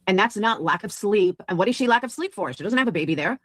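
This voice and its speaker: A woman's voice: mid-range voice, animated, fast, a bit bright, no echo. A woman giving blunt, judgmental commentary in a casual clip played on a stream.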